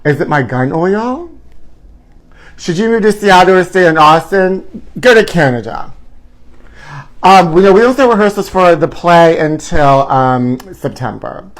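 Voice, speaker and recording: This man's voice is high, animated and unhurried as he hosts his own live stream, recorded on his own camera. The chat is casual and theatrical, campy and gossipy, with viewers addressed as "honey" and "trashies."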